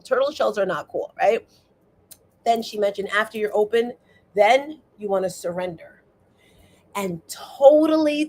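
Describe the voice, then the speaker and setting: A woman in the middle of her pitch range leads a motivational livestream. She talks in a chatty, animated way, turning to her viewers again and again with quick questions, close to her webcam mic. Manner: animated, chatty, addresses viewers directly, frequent "right?". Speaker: livestream host.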